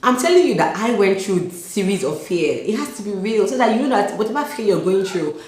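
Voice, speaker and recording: A woman's voice: medium pitch, expressive, brisk, a little mellow. A young Nigerian woman vlogging with exuberant energy, repeating herself and laughing often. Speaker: author and vlogger. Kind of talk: excited casual vlog. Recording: echoey room with faint hum.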